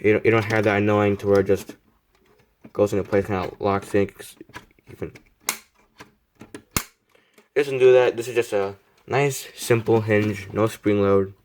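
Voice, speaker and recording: A teenage boy with a slightly low voice talks his way through a model car review. He rambles, restarts his sentences and jokes at his own expense in a casual vlog manner. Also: slight background noise. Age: teens. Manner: rambling, self-deprecating, many fillers and restarts.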